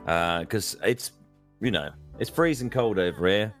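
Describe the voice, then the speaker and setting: A man's voice: lowish voice, measured pace, fairly bright tone, soft background music. An English man co-hosting a podcast, chatting casually, laughing often and a bit fussy. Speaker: podcast co-host. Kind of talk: casual chat.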